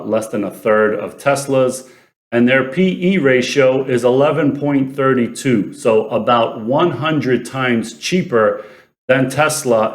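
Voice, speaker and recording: A man with a fairly low voice talks through prices and numbers in a relaxed, conversational way, often chuckling mid-sentence and posing rhetorical questions. The room around him is echoey. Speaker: finance commentator. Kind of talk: casual explainer commentary.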